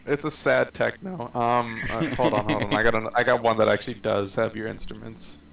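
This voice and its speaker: A man's voice: on the low side, fairly even intonation, brisk, vocal fry, recorded from a distance, a crowd in the background. A man chatting casually out of character during a tabletop game session, hesitant and repeating himself on a voice call. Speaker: tabletop game player or game master.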